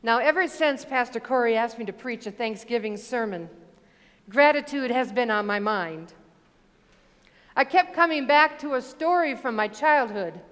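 A woman preaching a sermon, reading scripture and telling stories in a measured, deliberate way. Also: on the high side, expressive, fairly bright tone, long reverb tail. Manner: measured, deliberate delivery with storytelling asides.

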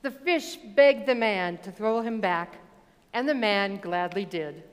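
A woman preaching a sermon, reading scripture and telling stories in a measured, deliberate way. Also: mid-range voice, clean tone, long reverb tail. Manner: measured, deliberate delivery with storytelling asides.

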